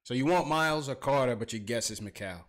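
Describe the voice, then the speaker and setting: A man's voice: medium pitch, lively intonation, quick pace, fairly bright tone. Laughing sports podcast host, a man. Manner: laughs often, says "man" and "oh my God". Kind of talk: casual sports chat.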